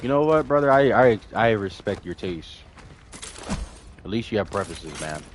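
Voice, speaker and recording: A man's voice: lowish voice, very animated, moderate pace, a little hiss or hum. A man streaming a horror game, chatting casually in slang while reacting to the game and to his viewers. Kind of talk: casual live gaming commentary.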